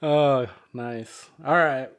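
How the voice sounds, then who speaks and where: A man's voice: medium pitch, extremely slow, dull audio. Male podcast host, casual, swears a lot, rambles with ums and uhs, mid-range voice. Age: adult, married. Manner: rambling, profane, lots of fillers and restarts. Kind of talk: casual chat.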